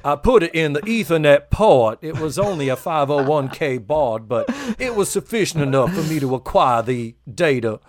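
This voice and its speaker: Folksy rural man, as a host puts him on, plain bragging, lively pitch. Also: normal speed, hardly any pauses, natural voice. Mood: deadpan. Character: rural man explaining his hacking.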